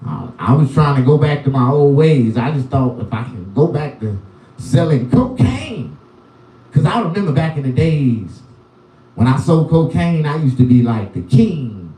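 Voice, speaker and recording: A man's voice: medium pitch, big pitch swings, normal speed, mellow, far from the mic. A man doing loose, rambling stand-up on a live stream, with a profane and repetitive manner. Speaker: comedian. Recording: roomy sound, voice from the mic.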